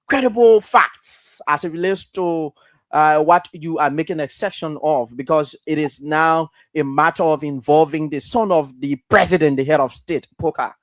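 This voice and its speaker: A man hosting a live call-in radio show, speaking in a measured, halting way full of fillers. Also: on the high side, dry recording. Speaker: radio talk show host.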